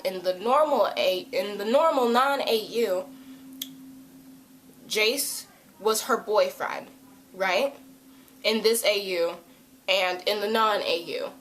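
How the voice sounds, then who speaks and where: Chatty woman recapping a show, roomy echo. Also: slight background noise. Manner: chatty and animated, acts out quotes in loud high voices. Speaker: TV episode reviewer. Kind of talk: casual episode recap vlog.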